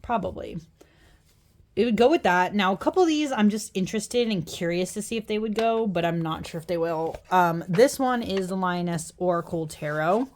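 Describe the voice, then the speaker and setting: A woman's voice: on the low side, lively intonation, normal speed, darkish tone. A young woman chatting casually through a flip-through of tarot and oracle decks, tired after work, rambling, laughing and apologizing as she goes. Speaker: tarot deck reviewer.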